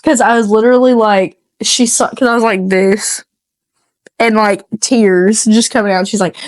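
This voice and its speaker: A woman's voice: mid-range voice, normal speed, no echo. A woman co-hosting a casual podcast, telling rambling stories with lots of laughter and casual swearing. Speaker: podcast co-host.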